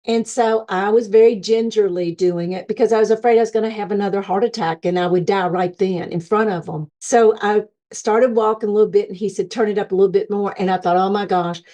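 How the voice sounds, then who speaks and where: A woman's voice: mid-range voice, steady tone, brisk, hardly any pauses, dark tone. A middle-aged woman telling her near-death experience as personal testimony, earnestly acting out the thoughts she remembers having.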